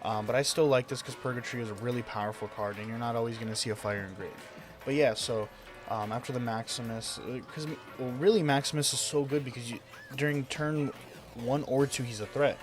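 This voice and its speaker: A young man in casual, rambling commentary, enthusing about his picks with plenty of ums and you-knows. His voice sits at an ordinary middle pitch. Music plays clearly underneath him. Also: steady tone, brisk. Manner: enthusiastic, rambling, frequent fillers and laughs. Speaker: YouTube card game deck reviewer. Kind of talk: casual deck profile commentary.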